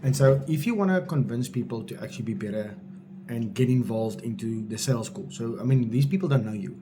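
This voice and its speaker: A man's voice: mid-range voice, fairly quick, background noise. A man coaching salespeople in a blunt, informal way, driving each point home with repetition. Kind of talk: direct-to-camera coaching talk.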